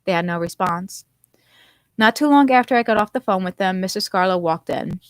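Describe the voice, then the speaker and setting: A woman reads her own novel aloud in a lively first-person storytelling voice. Her pitch sits in the middle range. The recording is dry and close, with no room echo. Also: a little fast. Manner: expressive first-person narration. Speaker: author.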